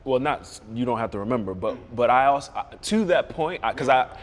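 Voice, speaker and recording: A man's voice: mid-range voice, brisk, in a large hall. A man guest in a casual chat, telling a story with a lot of restarts and repeated words. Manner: animated storyteller who acts out quoted voices. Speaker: guest, series creator.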